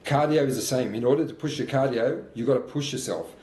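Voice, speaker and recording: A fitness coach in his fifties, winded between sprints, delivers earnest, repetitive motivation in a workout vlog. He talks fast in a mid-range, darkish voice, and the recording sounds roomy with faint background noise.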